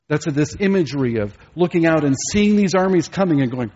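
Male pastor, sermon delivery with rhetorical questions, slightly husky, muffled recording. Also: fairly high pitch, expressive, fairly quick, few pauses, darkish tone.

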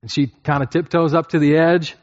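A man's voice: fairly high pitch, steady tone, fairly quick. A man preaching and teaching from scripture to a group. He often repeats his points and checks in with his listeners. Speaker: pastor teaching a class. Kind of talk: sermon-style Bible teaching. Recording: dull lo-fi recording.

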